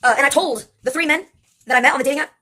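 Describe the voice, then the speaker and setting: A woman, likely in her twenties, telling wry personal stories in a rambling vlog monologue full of filler pauses. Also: high-pitched, bright, forceful tone. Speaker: vlogger. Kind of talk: casual storytelling monologue.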